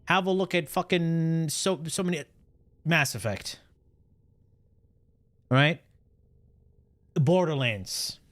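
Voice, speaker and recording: Animated, profane male streamer. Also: slow, long pauses, no echo. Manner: animated, profane, swinging pitch. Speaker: livestreamer. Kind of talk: casual stream reaction chat.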